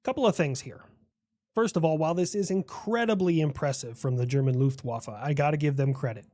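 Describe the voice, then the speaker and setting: A man voicing a proud personified United States, male and lecturing, in a comedic animated skit, boastful and explaining at length. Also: fairly high pitch, brisk, no echo, clean studio sound, close to an everyday voice.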